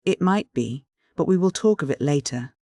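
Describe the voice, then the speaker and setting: A man's voice: fairly high pitch, animated, moderate pace, dark tone, no room sound, clean studio sound. A man voicing a pompous, calculating middle-aged man who speaks stiffly and condescendingly, in an audiobook.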